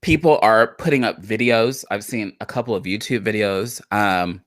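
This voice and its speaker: A woman's voice: a bass voice, moderate pace, dry recording, clean studio sound. A woman co-hosting a live talk show, chatting casually about politics and repeating phrases for emphasis. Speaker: podcast co-host.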